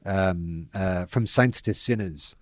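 A man's voice: deep voice, slow, fairly bright tone, no room sound. A young Australian man co-hosting a casual sports podcast, self-mocking, laughing often and trailing off with fillers. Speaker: podcast co-host.

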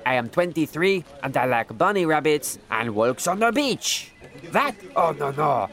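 A man's voice: fairly high pitch, very animated, unhurried, a bit bright, full character voice. A man voicing a young woman on a dating app who starts sweet and turns businesslike. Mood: coy.

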